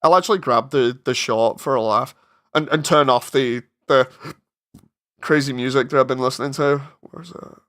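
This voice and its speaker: A man's voice: medium pitch, moderate pace, a bit bright. A man chatting casually on a live stream while working on his animation, rambling, interrupting himself and getting exasperated.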